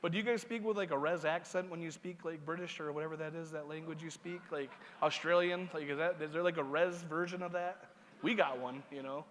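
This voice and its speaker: Male MC, casual and joking with the audience, slightly high voice, large hall reverb. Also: steady tone, fairly quick, hardly any pauses, a bit bright, a little hiss or hum. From Seneca Nation. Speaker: master of ceremonies. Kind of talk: conference opening remarks.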